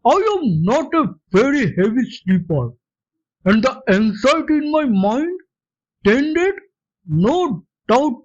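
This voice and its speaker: Slow, expressive woman storyteller. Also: on the high side. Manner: deliberate, expressive reading. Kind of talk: reading a classic detective story aloud. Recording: dull lo-fi recording.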